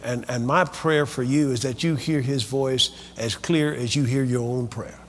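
A man's voice: mid-range voice, moderate pace, in a large hall, crowd noise. A man preaching a sermon, leading the congregation in call-and-response. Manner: lively, call-and-response preaching with quoted voices.

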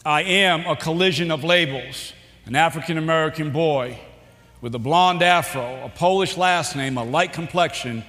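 Middle-aged guy w a boston accent giving a speech, kinda high voice, joking around, long echo from a big hall. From New Bedford, Massachusetts. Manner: warm, joking delivery with dramatic pauses and frequent "uh" fillers. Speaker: keynote speaker. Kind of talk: public speech with humorous storytelling.

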